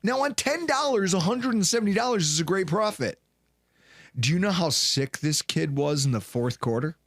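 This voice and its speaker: A man talks sports in a casual recap, his voice rising and falling all over the place as he acts out what people said. His pitch sits a bit high for a man. The sound is dry and close. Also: normal speed, dry recording. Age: late 20s or 30s. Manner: animated storyteller, acts out quotes loudly. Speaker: co-host of a sports recap show.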